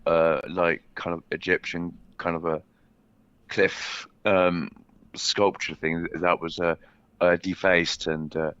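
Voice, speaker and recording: Deep-voiced hesitant male caller. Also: flat delivery, slow pace, fairly bright tone, clear, resonant tone, no echo, dull audio. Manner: hesitant, many fillers.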